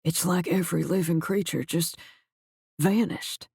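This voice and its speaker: A male narrator voicing a shaken agency director who speaks in a quiet, halting, grave way. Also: a little high, steady tone, gravelly, husky, no echo, studio quality, heavily acted. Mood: grim.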